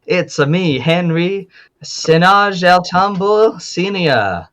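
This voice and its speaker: A man's voice: sits high, lively intonation, slow pace, a bit bright, voice pushed up, exaggerated voice. A man voicing a cocky southern cowboy with an American Southern accent, stammering a little as he talks. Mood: boastful.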